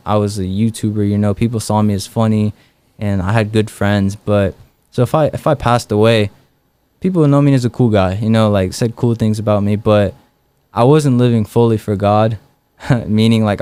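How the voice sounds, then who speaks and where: A man's voice: lowish voice, moderate pace, clear, resonant tone, dry recording. A young man, a guest in an interview, telling personal stories casually with lots of "like" and "um". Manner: relaxed, many fillers like "like" and "um".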